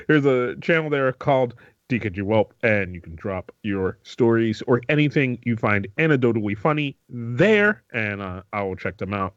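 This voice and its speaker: Stammering podcast co-host, dull mic. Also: male voice, medium pitch, no echo. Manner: hesitant, stammering, restarts often, laughs easily. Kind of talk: casual comedic chat.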